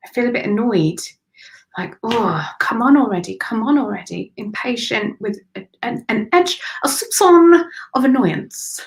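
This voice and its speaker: A woman doing live spiritual readings for viewers, speaking softly and affectionately, with sighs and drifts into whispers. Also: a little high, lively intonation, normal speed, low-quality recording. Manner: emotional, breathy sighs and gushing warmth. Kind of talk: live-streamed channelled readings.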